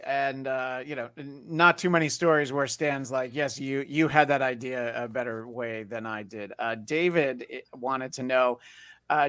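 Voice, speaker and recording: A man hosting an interview show, asking questions in a relaxed, conversational way. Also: medium pitch, dry recording. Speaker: host. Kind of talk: casual interview chat.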